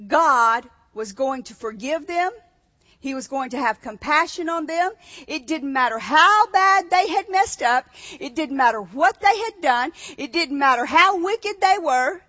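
A woman's voice: high voice, pushed and bright. A woman preacher reading scripture aloud and then questioning her listeners in a sermon. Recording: dull echoey hall.

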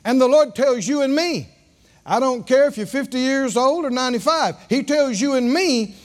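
A man preaching a sermon, drawing answers from his congregation and rising to shouts. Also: extremely high pitch, normal speed.

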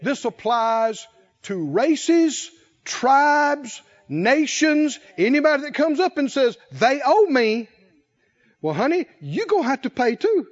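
A man preaching a sermon in a folksy, animated way, chuckling and acting out little voices. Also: extremely high pitch, takes it slowly. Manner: animated, folksy, laughs often, acts out voices. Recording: dull lo-fi sound.

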